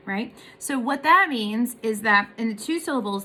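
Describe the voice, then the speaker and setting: A woman's voice: fairly high pitch, expressive, unhurried, sharp tone. A woman giving a casual music lesson, explaining in a chatty way and singing short examples. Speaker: voice teacher.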